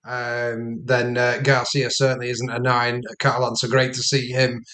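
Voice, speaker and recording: A man co-hosts a casual sports podcast in a flat, even voice. He speaks haltingly and agreeably, with plenty of fillers. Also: medium pitch. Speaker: podcast co-host.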